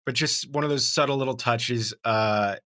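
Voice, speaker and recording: A man's voice: mid-range voice, moderate pace, sharp tone. A man in his thirties, co-hosting a podcast in loose, rambling casual chat. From Miami. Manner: rambling, many restarts, laughs through points. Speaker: podcast co-host.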